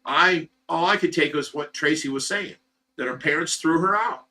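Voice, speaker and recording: Ohio man, thirties, livestream host, rambling casual storyteller, bright edge, mic a step away. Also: on the high side, normal speed. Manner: rambling, repetitive, many fillers and restarts. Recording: voice some distance from the mic.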